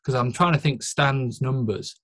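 A young man hosts a relaxed podcast and rambles along with self-mocking jokes. His voice sits at a middling pitch, and he fills his talk with ums and likes. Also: normal speed. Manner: joking, rambling, many fillers. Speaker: podcast host and physique coach. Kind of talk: casual podcast chat.

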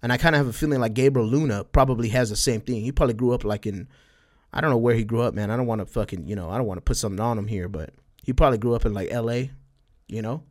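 On his solo podcast, a man from El Paso chats casually in a medium-pitched voice, his West Texas border accent carrying a slight Spanish twang. He rambles along with plenty of fillers and restarts.

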